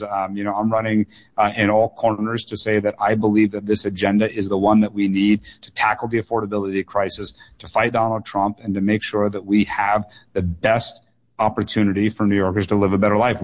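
Earnest low-voiced candidate, repeats for emphasis. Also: male voice. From United States. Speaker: political candidate, guest. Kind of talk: radio call-in interview.

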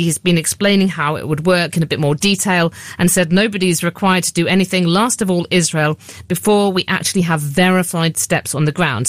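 A woman reporting as a Middle East news correspondent, speaking in a measured, analytical way with occasional fillers. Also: on the low side, no room sound.

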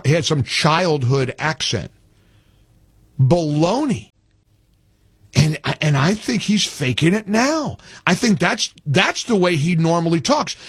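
A man's voice: on the high side, husky, dry recording, studio quality. An older man hosting a radio talk show, emphatic and incredulous, often repeating phrases. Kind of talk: opinionated talk radio monologue.

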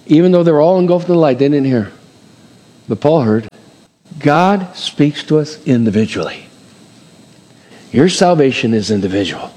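A man's voice: medium pitch, dark tone, big-room sound. A man preaching a sermon, reading scripture aloud and acting out the voices with dramatic swings and chuckles. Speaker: pastor.

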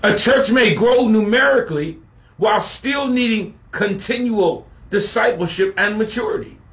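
A man preaching a sermon, slow and emphatic, building to shouted refrains as he contrasts points. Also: high voice, expressive.

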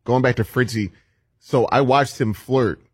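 Husky male co-host telling a story. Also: mid-range voice, unhurried, no echo, studio quality. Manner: gossipy, teasing storytelling. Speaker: radio show co-host. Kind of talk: casual anecdote.

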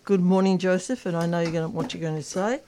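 A woman's voice: fairly low pitch, fairly even intonation, fast, mellow. A woman co-hosting community radio, making dry, exasperated asides. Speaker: radio co-host.

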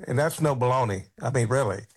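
Chatty middle-aged radio co-host. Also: male voice, mid-range voice, brisk, slightly rough. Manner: chatty, opinionated storyteller. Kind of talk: casual radio chat.

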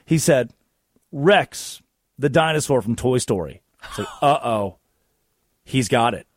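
Animated, joking sports talk host. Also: male voice, medium pitch, unhurried, dry recording, clean studio sound. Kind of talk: casual comedic chat.

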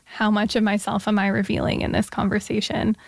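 A woman's voice: medium pitch, flat delivery, a little fast, vocal fry, dry recording, clean studio sound. A woman hosting an interview, asking thoughtful, conversational questions. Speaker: interviewer, host.

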